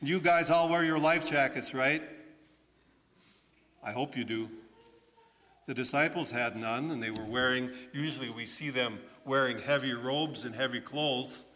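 A man preaching as a pastor in a church, telling a story in an animated way and putting questions to his listeners. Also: mid-range voice, measured pace. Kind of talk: children's sermon storytelling. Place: church sanctuary. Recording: long church reverb.

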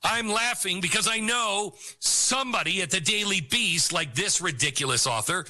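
A man's voice: sits high, moderate pace, hardly any pauses, sharp tone. A middle-aged man hosting a political talk show, giving an opinionated monologue in a mocking tone, laughing often and repeating phrases for emphasis.

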